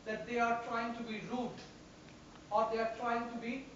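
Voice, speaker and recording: A woman's voice: on the high side, normal speed, a little hiss or hum. Emphatic woman trainer in an echoey room. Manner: animated, emphatic, repeats phrases for stress. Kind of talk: classroom instruction. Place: large echoey classroom. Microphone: distant room microphone. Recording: echoey, distant, dull room recording.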